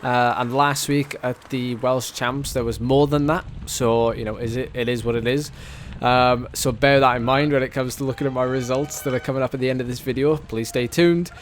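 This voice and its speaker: A man's voice: medium pitch, fairly even intonation, normal speed, hardly any pauses, slight background noise. A man talking to camera in a casual, jokey, self-deprecating way, outdoors at a muddy race course. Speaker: vlogger and amateur cyclocross racer. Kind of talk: casual vlog chat to camera.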